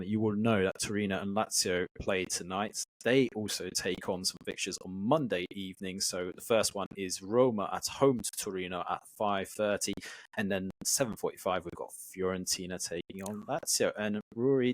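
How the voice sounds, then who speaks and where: A low-voiced man co-hosts a football podcast, easygoing and relaxed as he runs through the fixtures and banters. His voice is dry and close, with no room sound. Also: brisk, no echo. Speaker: podcast co-host. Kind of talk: casual football chat.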